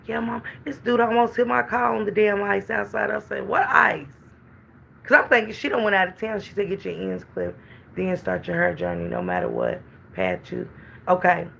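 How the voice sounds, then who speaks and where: A middle-aged woman speaks, her voice bright with a gravelly rasp. She chats casually on a livestream, calling out her viewers by name as she talks. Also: medium pitch, slight background noise. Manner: chatty, greets viewers by name. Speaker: livestream host chatting with viewers.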